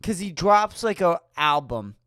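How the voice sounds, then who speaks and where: A woman's voice: fairly low pitch, very animated, measured pace, fairly bright tone, clear, resonant tone, no room sound, clean studio sound. A woman hosting a solo podcast, ranting with profane, sarcastic rhetorical questions. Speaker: podcast host.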